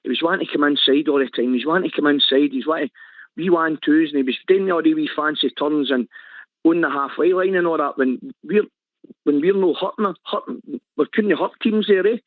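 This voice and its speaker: A Scottish man hosting a radio phone-in, talking football in an animated way and tagging lines with "eh?". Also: a little high, a little fast, no room sound. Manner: animated, repeats himself, ends lines with "eh?". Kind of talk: casual phone-in chat. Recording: tinny phone-line sound.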